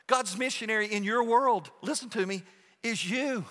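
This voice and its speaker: In a church sanctuary, a pastor sermonizes in a chatty way, restarting phrases, repeating words, and asking "okay?" again and again. His voice sits high and a bit bright at a moderate pace, with a long reverb tail behind it.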